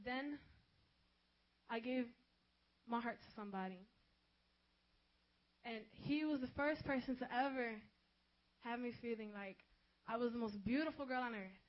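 Woman sharing a personal testimony, high voice, chatty and candid, on a dull lo-fi recording. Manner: conversational, frequent "you know" asides. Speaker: speaker giving a personal testimony.

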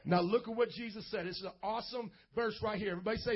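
A man preaching a lively sermon as a pastor, playful, calling for responses and acting out little scenes. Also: sits high, quick pace, husky. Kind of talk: energetic sermon to youth. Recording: dull lo-fi recording.

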